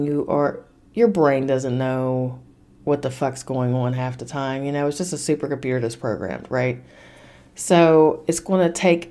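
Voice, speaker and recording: A woman's voice: low-pitched, mellow. A woman hosting a podcast, giving blunt, emphatic self-help advice in a casual spiritual talk, swearing freely and repeating her points. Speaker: podcast host.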